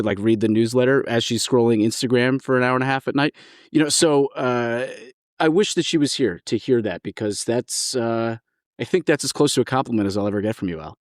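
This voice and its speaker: American man, co-host, chatty and rambling, middle pitch, dry close mic. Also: brisk, no echo. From United States. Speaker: guest co-host. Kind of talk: casual chat.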